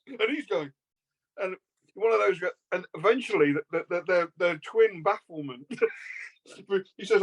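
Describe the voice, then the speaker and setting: A man co-hosting a casual podcast, with a voice pitched a little high. He tells long, rambling anecdotes and often laughs as he talks. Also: expressive, normal speed, slightly rough, low-quality recording. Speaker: podcast co-host. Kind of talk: casual chat.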